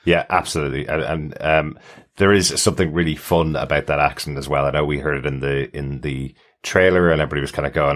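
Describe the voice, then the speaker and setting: Deep-voiced man co-hosting a podcast. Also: steady tone, fast. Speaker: podcast co-host. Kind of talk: casual podcast discussion.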